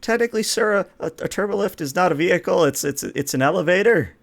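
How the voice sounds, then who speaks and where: A man voicing a nervous young male ensign who stammers and defends himself in a squeaky voice. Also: lively intonation, quick pace, gravelly. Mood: nervous, defensive.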